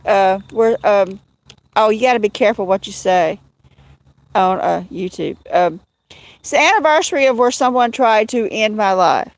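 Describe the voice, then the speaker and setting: A Southern US woman hosts a casual livestream, rambling, laughing a lot, and greeting viewers by name. Her mid-range voice has lively intonation at a normal speed, recorded dry.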